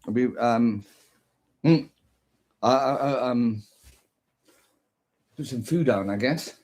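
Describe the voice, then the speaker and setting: A man's voice: medium pitch, slow pace, a little mellow. A man talking alone on a livestream, rambling, humming little tunes and breaking into mocking rants. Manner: sing-song humming and crooning between talk, swings into mocking rants. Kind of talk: rambling solo livestream chat.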